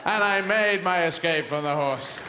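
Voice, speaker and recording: A man's voice: on the high side, normal speed, heavy background noise. A male stand-up comedian with a rambling, surreal delivery, on stage in a large theatre. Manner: rambling, surreal, self-interrupting. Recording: echoey theatre with loud audience laughter.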